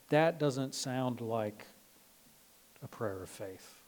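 A man's voice: medium pitch, lively intonation, drawn-out words, pauses often, a little mellow. Guy preaching casual, lots of ums, acts out the quotes, big echoey church hall. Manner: casual, many fillers, dramatizes quoted lines. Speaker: pastor. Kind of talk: conversational sermon. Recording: long reverb of a large hall.

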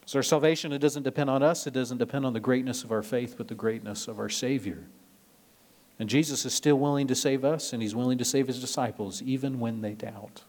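A man from Nebraska, a pastor preaching a sermon in a conversational way, mixing scripture with personal anecdotes and lively storytelling. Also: medium pitch, fairly quick. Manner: lively storytelling, rising when retelling drama.

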